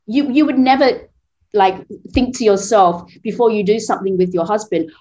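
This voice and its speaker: A woman's voice: mid-range voice, moderate pace, darkish tone. A woman of Vietnamese heritage raised in the West, speaking earnestly and reflectively as a podcast guest, with frequent fillers and restarts. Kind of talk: conversational interview.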